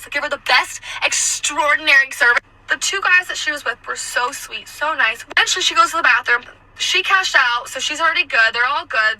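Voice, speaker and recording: Bright, high-voiced young woman telling a story. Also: poor audio. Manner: animated, acts out the other people's voices. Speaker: waitress telling her own story. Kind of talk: casual storytelling.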